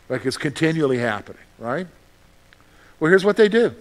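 High-voiced man preaching conversationally. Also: lively intonation, a little fast. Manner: conversational preaching, asks the congregation questions and acts out voices. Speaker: pastor. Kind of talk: sermon.

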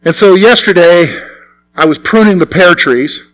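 Older preacher with a fairly high voice. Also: male voice, measured pace. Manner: earnest, repeats phrases for emphasis, swings between hushed and forceful. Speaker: pastor. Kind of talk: sermon.

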